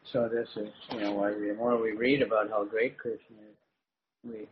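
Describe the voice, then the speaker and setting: A man giving a religious talk in short phrases, pausing for an interpreter, often saying "you know". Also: fairly low pitch, flat delivery. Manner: conversational, halting, fills gaps with "you know". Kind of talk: sermon with consecutive translation. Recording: dull lo-fi recording with faint noise.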